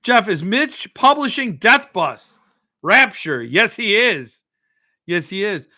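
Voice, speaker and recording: A man's voice: high voice, sing-song, slow, pushed and bright. A middle-aged man hosting a casual live show, rambling and joking as he reads viewer comments aloud. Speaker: podcast host. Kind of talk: casual livestream chat.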